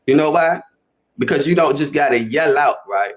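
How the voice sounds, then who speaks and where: A young man with a Chicago accent hosting a casual livestream, talking to his chat in a slangy, animated way and repeating himself for emphasis. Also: on the high side, moderate pace. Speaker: livestream host.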